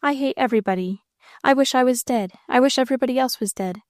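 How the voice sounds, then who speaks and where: A woman reading aloud, voicing a talking doll whose speech comes out sharp, high-pitched, fast and excited. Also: no room sound, clean studio sound, natural voice. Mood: spiteful. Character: talking doll, shrill and spiteful.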